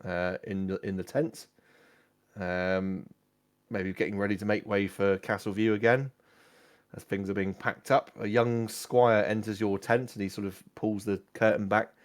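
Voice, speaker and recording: A man's voice: fairly low pitch, flat delivery, normal speed. A man narrating a tabletop game as game master, casual and full of fillers.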